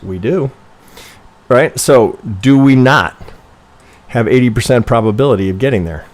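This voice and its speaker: A man who teaches trading goes through member charts on a live stream in a medium-pitched, expressive voice at a moderate pace. He talks casually and thinks out loud, swearing, rambling, correcting himself constantly and often asking "right?"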